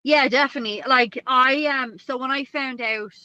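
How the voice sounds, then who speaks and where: Bright-voiced North Dublin woman chatting. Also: sits high, moderate pace, no echo, highs cut off. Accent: North Dublin Irish. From Ireland. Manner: chatty, many "like"s, laughs often. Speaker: guest co-host. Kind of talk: casual podcast chat.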